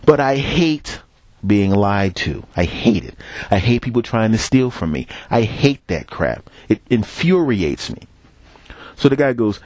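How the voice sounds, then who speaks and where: A Philadelphia man hosts a podcast while walking down a city street, telling a profane, rambling story into a headset mic in a casual monologue. His mid-range voice is sing-song and a bit dark, at a normal speed with no room sound.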